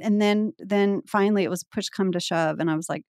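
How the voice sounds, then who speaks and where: A woman's voice: mid-range voice, brisk, clean tone, no echo, studio quality. A woman in her forties from Texas, guesting on a podcast and telling a story in casual chat, acting out the voices she quotes. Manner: animated, acts out quoted voices.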